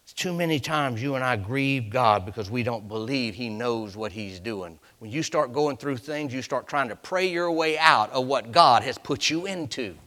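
Preacher swinging from whispers to shouts. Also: male voice, medium pitch, expressive, normal speed. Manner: reads scripture aloud in King James wording. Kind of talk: sermon.

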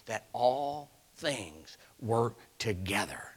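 A man preaching a sermon, reading scripture in old King James wording and swinging from hushed whispers to shouted climaxes. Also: mid-range voice, lively intonation, a little slow.

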